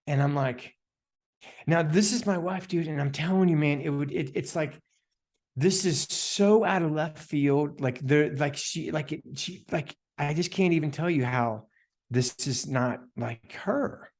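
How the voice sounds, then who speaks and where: A man guest on a podcast, telling a story in a casual, animated way, full of "dude," "man" and "like," and acting out the voices of the people in it. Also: a little slow. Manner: animated, heavy filler words, "dude" and "man"; acts out quoted voices with big pitch jumps. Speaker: podcast guest, energy healer.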